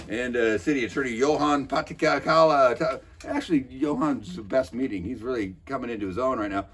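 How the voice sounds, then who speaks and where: A man recapping a city council meeting in a mocking, wry way, pausing often with filler sounds. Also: medium pitch, fairly bright tone, slight background noise. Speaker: local political commentator.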